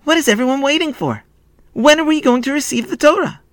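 Young boy, very high pitch, anxious, pleading cries, storybook. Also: sing-song, normal speed, bright, forceful tone, dry recording, studio quality, exaggerated voice.

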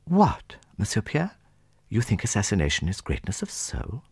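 A man voicing a young princess who reacts with high, startled exclamations in a dry, close reading. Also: big pitch swings, normal speed, dry recording. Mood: shocked. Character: little princess, young woman, shocked and chattering.

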